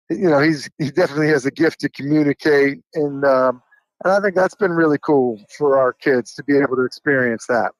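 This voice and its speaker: A middle-aged man, a high school football coach, answering radio interview questions in an earnest, halting way. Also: no echo, low-quality recording. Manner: earnest, many fillers and restarts.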